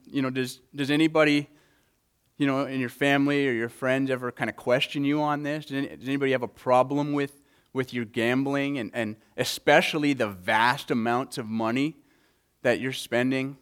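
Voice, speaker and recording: A man's voice: mid-range voice, fairly bright tone, smooth. Earnest man preaching a sermon. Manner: earnest, repeats words when stressing a point. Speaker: pastor.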